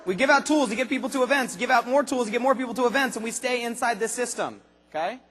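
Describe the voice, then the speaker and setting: A man giving an animated motivational speech to a large convention crowd, asking the audience rhetorical questions and acting out voices. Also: very high voice, quick pace, in a large hall. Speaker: motivational speaker at a sales convention. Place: large arena convention hall.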